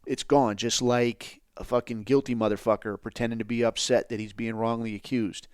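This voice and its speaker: A man's voice: medium pitch, fairly even intonation, normal speed, clean tone, no room sound, studio quality. A man hosting a podcast, ranting bluntly and sarcastically with constant swearing. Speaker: podcast host. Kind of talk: profane ranting commentary.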